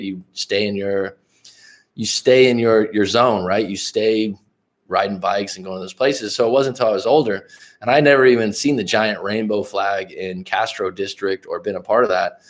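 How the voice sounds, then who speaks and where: Outgoing young American guy from the Bay Area, slightly low voice, chatty and profane, riffing to live chat. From California, Bay Area. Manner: talkative, outgoing, swears casually. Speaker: life coach hosting a livestream. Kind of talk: casual storytelling to live chat.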